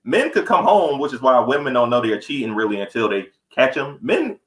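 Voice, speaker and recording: Podcast co-host, young man, quick blunt profane storyteller, roomy echo. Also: medium pitch, big pitch swings, fairly bright tone. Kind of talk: casual podcast chat. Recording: echoey room.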